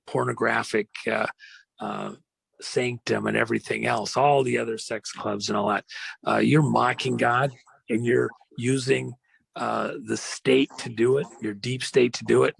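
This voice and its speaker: A man hosting a podcast, retelling an old story as a dramatic monologue with slow emphasis and frequent fillers. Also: mid-range voice, no room sound. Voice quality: gravelly. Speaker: podcast host.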